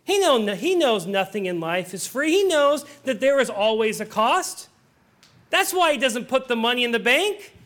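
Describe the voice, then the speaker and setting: A man with a strikingly high voice preaches a sermon. He delivers it earnestly and breaks in now and then with light joking asides. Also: sing-song, normal speed, fairly bright tone. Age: adult. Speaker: pastor.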